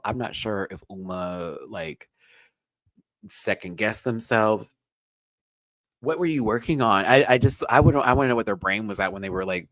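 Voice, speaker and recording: A man hosting a live review show, ranting bluntly and with swearing, his voice swinging from quiet mutters to loud high outbursts. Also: no echo, low-quality recording. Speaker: drag race reviewer and channel host.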